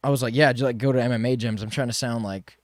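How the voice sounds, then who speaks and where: A man's voice: mid-range voice, fairly even intonation, fast, no echo, studio quality. A young man hosting a podcast from inside a parked bus, telling stories loosely and swearing casually. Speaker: podcast host. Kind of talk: casual chat.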